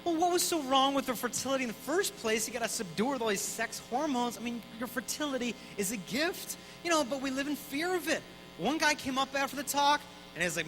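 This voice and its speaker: A man in his thirties speaks to a conference crowd with a high, bright voice. He talks quickly and casually and acts out the people in his stories. Soft music plays faintly behind him. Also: poor audio. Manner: energetic, conversational, mimics voices in anecdotes. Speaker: Catholic speaker. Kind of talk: live conference talk. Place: conference hall.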